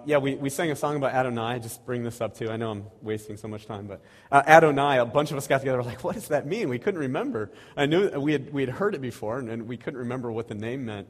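A man's voice: medium pitch, fast talker. A man in his thirties or forties giving a casual, self-deprecating sermon and prayer at a church, rambling with restarts and chuckles. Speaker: lay preacher. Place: church sanctuary. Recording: reverberant church hall.

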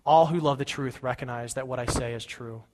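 A calm, dignified accused teacher answers his judges in a steady, measured voice, read by a preacher. The pitch sits in the middle and the words hang in the long reverb of a big hall. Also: background noise, close to an everyday voice.

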